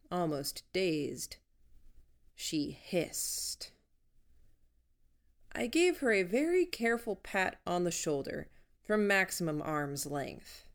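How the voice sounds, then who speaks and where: A woman reading a first-person story aloud in an even, measured storytelling manner. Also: fairly low pitch, gravelly. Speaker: audiobook narrator. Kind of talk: first-person audiobook narration.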